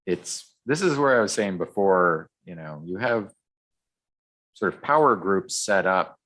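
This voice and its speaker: A man's voice: sits low, lively intonation, measured pace, fairly bright tone. A man co-hosting a podcast, chatting casually through a comic recap with lots of ums and restarts. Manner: rambling, many ums and restarts. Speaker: podcast co-host. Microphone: podcast microphone.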